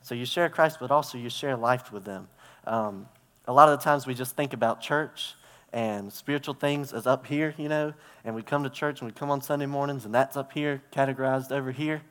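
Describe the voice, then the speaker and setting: A preacher with a medium-pitched, fairly bright voice speaks fairly quickly in a reverberant church hall. His sermon is conversational, built on stories he acts out with props and gestures.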